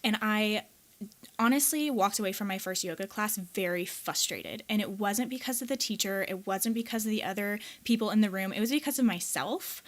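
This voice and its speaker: A young woman from the US Midwest, a podcast co-host and yoga teacher, telling a candid personal story in an earnest way, speeding up and rising as she relives moments. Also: mid-range voice. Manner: earnest, quickens and rises when reliving a moment.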